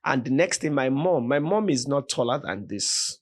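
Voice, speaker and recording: A Nigerian man, a podcast guest, telling a story with animated, vivid retelling and voiced quotes. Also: mid-range voice, normal speed. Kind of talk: dramatic storytelling in conversation.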